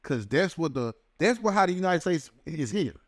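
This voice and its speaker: Recorded in studio quality without any echo, a man with a fairly high, very animated voice co-hosts a casual podcast. His stories wander, are laced with profanity, and keep stalling along the way.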